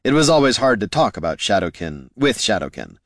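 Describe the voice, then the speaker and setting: Gravelly expressive man narrating a story. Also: lowish voice, a little fast, no room sound, studio quality. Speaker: audiobook narrator. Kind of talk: scripted narration.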